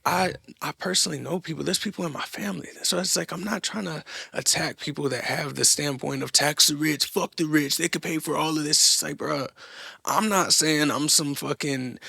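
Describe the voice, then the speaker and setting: A man's voice: fairly high pitch, gravelly, bright, forceful tone, husky, no echo, clean studio sound. A young man hosting a podcast, ranting bluntly with lots of profanity and mockery. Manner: blunt, profane, mocking rants. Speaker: podcast host. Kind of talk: opinionated solo monologue.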